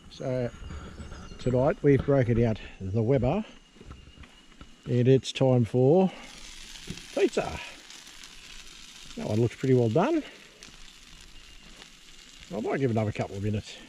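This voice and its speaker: A man's voice: medium pitch, creaky. An Australian man casually narrating a travel vlog outdoors by bush water holes, laid-back and self-mocking as he talks to viewers. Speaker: travel vlogger. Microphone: handheld action camera. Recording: camera mic, distant, loud outdoor noise.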